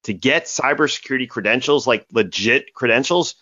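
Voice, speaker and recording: A man's voice: medium pitch, a little fast, bright, forceful tone, dry recording. A man as a podcast guest, telling stories animatedly and tagging points with "right?". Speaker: cybersecurity company guest. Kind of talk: podcast interview answers. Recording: dull lo-fi dry audio.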